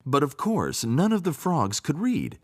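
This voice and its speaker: A man narrating a children's storybook in an expressive, sing-song reading voice. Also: fairly high pitch, a little slow. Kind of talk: storybook read-aloud narration.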